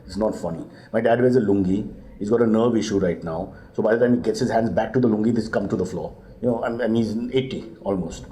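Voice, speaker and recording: Brisk middle-aged comedian guest, deadpan delivery, warm low timbre. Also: male voice, a little hiss or hum. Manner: deadpan comic asides, jumps to high mock voices. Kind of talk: comic chat answering parenting questions.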